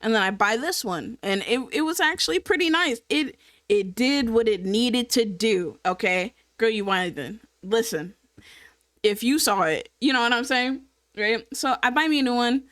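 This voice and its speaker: A woman telling a casual story to camera in an animated, profane way, laughing often and checking in with the viewer. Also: fairly high pitch, normal speed, dry recording. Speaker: storytime vlogger.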